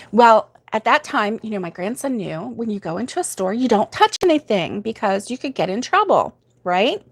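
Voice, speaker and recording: Hosting her crochet livestream, this older woman speaks in a mid-range voice with lively intonation and normal speed. She tells a chatty story, laughs frequently, and reads comments from viewers aloud.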